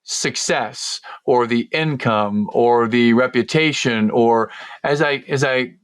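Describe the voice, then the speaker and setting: A male podcast host reflecting thoughtfully in conversation, pausing and restarting as he thinks. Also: mid-range voice, smooth, dry recording.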